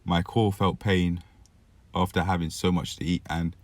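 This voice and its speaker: Young male vlogger, deep voice, dry-throated, rambling and reflective; dry, close recording. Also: little pitch movement, moderate pace, no room sound. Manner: rambling, reflective, frequent self-corrections. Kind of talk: casual personal vlog monologue.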